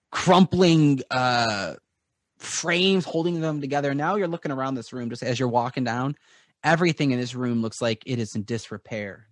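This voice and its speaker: A man narrating as game master of a tabletop game, rambling with many pauses. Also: mid-range voice, no room sound, clean studio sound.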